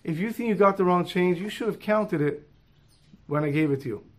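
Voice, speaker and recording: Man voicing a fed-up bus driver, firm, exasperated, fairly high voice. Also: a little fast, close to an everyday voice.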